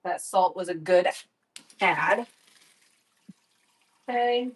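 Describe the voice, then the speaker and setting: A woman's voice: lowish voice, very slow, poor audio. Chatty, foul-mouthed woman cooking at home. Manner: chatty, profane, animated storytelling. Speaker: vlogger. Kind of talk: casual cooking vlog chat. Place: home kitchen.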